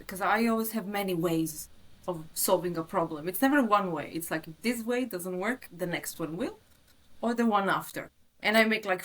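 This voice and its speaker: A woman's voice: mid-range voice, poor audio. A woman hosting a podcast in casual conversation, enthusiastic and eager, often restarting her sentences. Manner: enthusiastic, stumbling restarts, talks about astrology.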